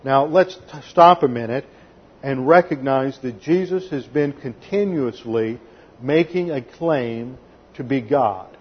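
An unhurried pastor with a breathy-edged, medium-pitched voice preaches on lo-fi sound. Methodical throughout, he reads scripture aloud and explains the Greek grammar in his expository sermon, with occasional sarcastic voicing of quotes.

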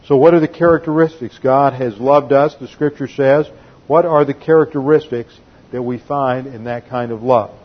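Male pastor, mid-pitched, methodical doctrinal sermon, slightly dull lo-fi recording. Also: steady tone, moderate pace. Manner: methodical teaching, reads scripture quotes aloud.

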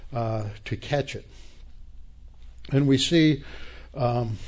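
A man's voice: mid-range voice, darkish tone. Man preaching an emphatic Bible sermon. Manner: emphatic Bible teaching with frequent restarts and quoted voices. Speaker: pastor.

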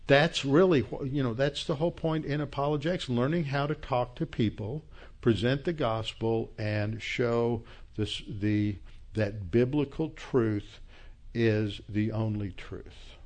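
A man's voice: mid-range voice, unhurried, a little mellow. A man teaching a church Bible class in a conversational, reflective lecturing style and closing in prayer.

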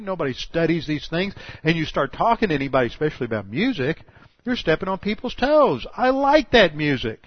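An older man preaching a sermon, animated and full of rhetorical questions, often restarting his sentences. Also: on the high side, no echo. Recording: dull lo-fi dry sound.

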